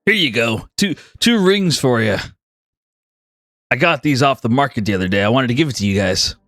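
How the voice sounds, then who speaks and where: A man's voice: mid-range voice, lively intonation, normal speed, a bit bright, no room sound, studio quality, voice pushed down. A man voicing a friendly, self-promoting tavern keeper in a tabletop role-play. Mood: generous. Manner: folksy, salesy.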